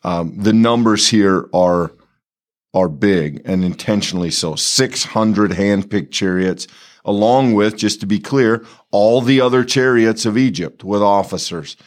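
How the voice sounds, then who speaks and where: Deep-voiced man musing over scripture. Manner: thoughtful, halting, restarts phrases. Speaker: bible study co-host. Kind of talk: conversational bible commentary.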